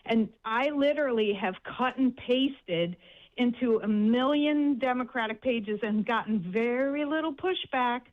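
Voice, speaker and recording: A woman's voice: a little high, measured pace, narrow, tinny audio. A woman calling in to a radio show, chatty and giggly. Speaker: caller. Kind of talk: phone-in radio chat.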